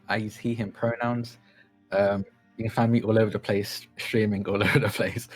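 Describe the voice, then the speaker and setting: A man, a player in a tabletop game, casually introducing himself and his character with fillers and laughs. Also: on the low side. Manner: loose, laughing, filler-heavy.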